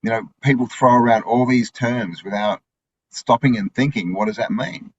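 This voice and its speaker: A man's voice: medium pitch, moderate pace, slight background noise. A man co-hosting a casual spiritual chat, musing aloud with many fillers. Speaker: co-host. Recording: dull lo-fi sound.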